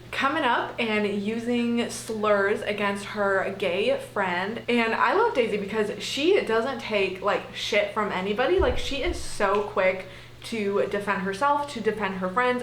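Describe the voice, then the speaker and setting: A woman's voice: medium pitch, fairly bright tone, slight background noise. A young woman talking casually to camera about a book she is reading, chatty and gushing, swearing freely. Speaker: book vlogger. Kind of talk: casual reading vlog chat. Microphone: camera mic, no external microphone. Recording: echoey room.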